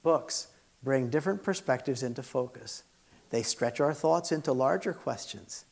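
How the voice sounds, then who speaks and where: Guy teaching a class, reads essays out loud, kinda gravelly and earnest. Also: medium pitch. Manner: earnest, measured, expressive reading. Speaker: teacher and pastor. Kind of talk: teaching presentation, reading aloud.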